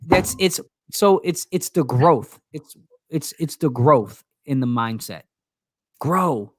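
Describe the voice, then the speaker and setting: A man's voice: on the high side, animated, takes it slowly, no echo, studio quality. A man co-hosting a casual live stream, stammering through restarts and greeting viewers by name. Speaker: co-host.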